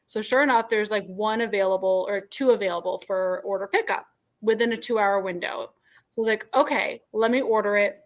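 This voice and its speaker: A woman's voice: mid-range voice, normal speed. A woman co-hosting a podcast in casual chat, telling a story with lots of fillers and acting out what people said. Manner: animated storyteller, acts out quoted dialogue, many "like" fillers. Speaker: podcast co-host.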